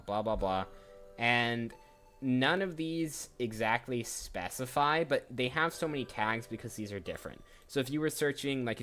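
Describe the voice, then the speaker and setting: A man in the middle of a casual livestream, rambling and thinking out loud as he clicks through listings, with a mid-range voice. He often trails off and restarts a sentence. Soft music plays faintly behind him. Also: medium pitch. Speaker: voice actor streamer. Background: faint background music.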